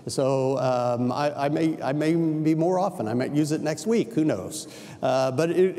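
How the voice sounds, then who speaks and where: Older male pastor, mellow storytelling. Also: on the high side, a little slow. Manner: conversational storytelling preacher, self-correcting asides. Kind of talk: sermon. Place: large church sanctuary. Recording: reverberant church sanctuary.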